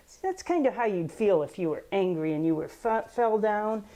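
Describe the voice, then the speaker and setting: A woman reads a picture book aloud while coaching children through yoga poses, patient and encouraging throughout. Her medium-pitched voice has a warm tone.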